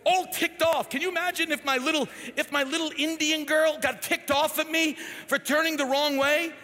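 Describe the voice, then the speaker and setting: A male pastor preaching a sermon in a church, animated and swinging between loud and hushed. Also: extremely high pitch, moderate pace, in a large hall. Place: large church hall.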